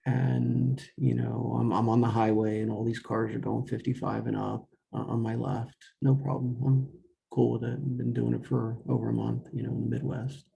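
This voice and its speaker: A young man recounts a personal story in a loose, rambling way, stopping often to restart his sentences. His voice is heavily gravelly, with a dark, mellow tone, and he acts out quoted dialogue as he goes. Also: mid-range voice, little pitch movement, moderate pace, highs cut off. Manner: rambling, full of fillers and self-corrections; quotes himself and others in dialogue.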